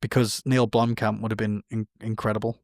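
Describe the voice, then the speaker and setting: A man's voice: fairly low pitch, a little fast, no room sound, clean studio sound. Rambling man chatting about films. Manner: rambling, self-correcting, animated. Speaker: podcast co-host. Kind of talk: casual chat about film news.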